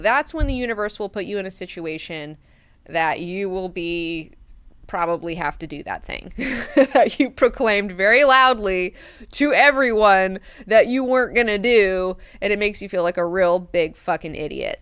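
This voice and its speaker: A woman hosting a book club, recapping chapters in a casual, animated, profane way. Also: mid-range voice, moderate pace, smooth, no echo.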